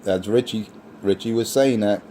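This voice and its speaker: A man's voice: lowish voice, moderate pace, warm tone, slight background noise. A man in casual trash talk, scornful and ranting.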